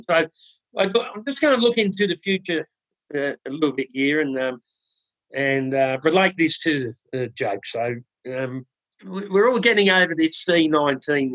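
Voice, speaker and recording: A man co-hosts a podcast, telling a long joke in a relaxed, stop-start way full of ums and restarts. His voice sits a little high. The recording is dry and slightly dull. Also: dry recording. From Australia. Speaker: podcast co-host. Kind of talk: casual chat, telling a joke. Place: home studio in the UK.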